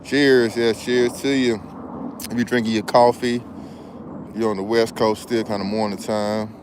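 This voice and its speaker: A man with a fairly low voice talks through a casual outdoor vlog, laid-back and slangy, drifting from point to point. He speaks as a business credit consultant. A faint hum of outdoor noise sits behind him. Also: flat delivery, measured pace. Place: outdoors in a backyard hammock. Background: faint outdoor ambience with passing planes.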